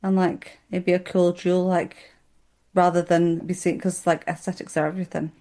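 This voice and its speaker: A woman co-hosting a podcast in casual chat, blunt and quick-witted. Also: fairly low pitch, level tone, dark tone. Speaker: podcast co-host.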